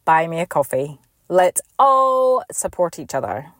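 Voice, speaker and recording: A woman's voice: on the low side, big pitch swings, measured pace, fairly bright tone. Scottish woman hosting a chatty podcast. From Scotland. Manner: chatty and meandering, with frequent restarts. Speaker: podcast host. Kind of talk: casual podcast chat. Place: Perth, Australia.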